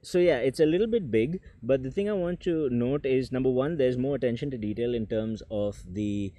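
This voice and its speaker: This tech reviewer has a mid-range, dark-toned voice and speaks at a normal speed on a dry recording. He's doing a casual unboxing vlog to the camera indoors with people nearby, chatty and self-deprecating with jokes on the side.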